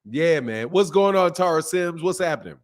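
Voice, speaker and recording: A boxing channel host with a fairly high voice talks at normal speed on a relaxed live stream. Animated and slangy, he reads chat messages aloud and responds to them.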